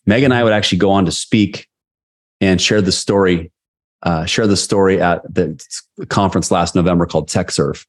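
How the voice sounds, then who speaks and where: A man's voice: deep voice, fairly even intonation, moderate pace. A man, a sales leadership coach, talking candidly as a podcast guest and retelling conversations as anecdotes. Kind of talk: casual interview storytelling.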